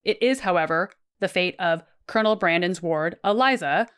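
A woman's voice: fairly low pitch, lively intonation, normal speed, a bit bright, clear, resonant tone. A woman co-hosting a literary podcast, explaining a passage and reading quotes aloud. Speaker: podcast co-host. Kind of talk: casual literary discussion.

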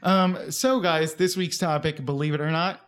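A man's voice: fairly high pitch, steady tone, moderate pace, clear, resonant tone. A young man co-hosting a casual comedy podcast, joking and goofing around, drifting toward and away from the mic. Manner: jokey, goofy, drifts from the mic. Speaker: podcast co-host.

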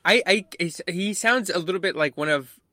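A man co-hosting a casual music chat, talking quickly and acting out little quotes. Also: high-pitched, pushed and bright, no room sound, studio quality. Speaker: podcast co-host.

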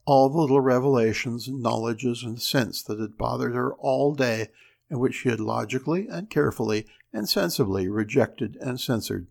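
Male narrator, gravelly, mid pitch, measured dramatic delivery for a story reading. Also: a little mellow.

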